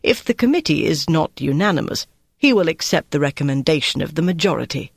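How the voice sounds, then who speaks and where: Narrator voicing a domineering male chairman, dry clipped delivery, measured, close dry sound. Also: medium pitch, lively intonation, vocal fry, slightly rough, no echo. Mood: curt. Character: irritated senior male committee chairman, imperious.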